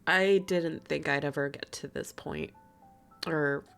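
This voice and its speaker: A young woman streaming casually, excitable, laughing and swearing as she chats with her viewers. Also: low-pitched, slow, vocal fry, clean tone, soft background music. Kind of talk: casual live-stream chat.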